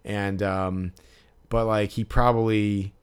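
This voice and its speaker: A man's voice: on the low side, flat delivery, slow, clear, resonant tone. A man hosting a podcast, telling a story in a rambling way, with many fillers and restarts. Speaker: podcast host. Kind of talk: casual podcast chat.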